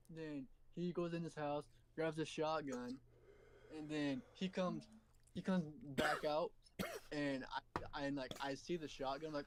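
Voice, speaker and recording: A man's voice: fairly high pitch, fairly quick, slight background noise. Laid-back young man, slangy chatter. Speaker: stream co-host. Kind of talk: casual stream chat.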